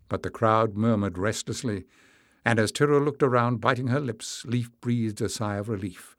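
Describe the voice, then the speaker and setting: A man reading a fantasy novel aloud in measured, expressive scripted narration. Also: lowish voice, no room sound, studio quality. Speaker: audiobook narrator.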